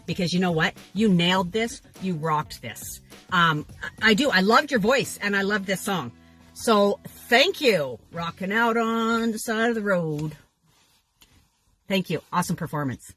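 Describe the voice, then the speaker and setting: Bubbly bright-voiced woman judge. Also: mid-range voice, expressive, unhurried, soft background music. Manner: bubbly, rambling with fillers. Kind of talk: casual chat.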